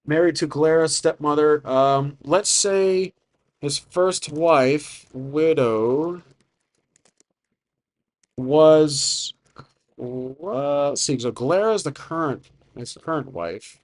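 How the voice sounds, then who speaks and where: A man's voice: on the high side, slow pace. A man narrating his own solo tabletop role-playing game, thinking aloud casually. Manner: rambling, thinks aloud with fillers.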